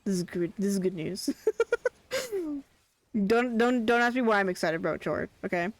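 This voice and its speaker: This is a streamer chatting through a gameplay session in a loose, rambling way. The voice jumps into excited chants whenever a favourite character shows up. It sits at a middling pitch, recorded close and dry with no room sound. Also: moderate pace, dry recording. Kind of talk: casual gameplay commentary.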